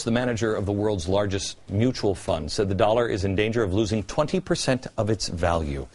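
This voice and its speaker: Animated, sarcastic male commentary host. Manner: sarcastic, rhetorical questions, dramatic pitch swings. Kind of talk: political commentary monologue.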